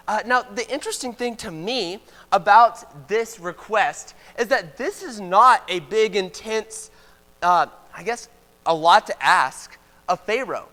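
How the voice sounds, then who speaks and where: A man's voice: high voice, pushed and bright, in a large hall. A man giving a conversational sermon as a preacher, informal with joking asides. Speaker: preacher teaching a Bible class. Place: church auditorium.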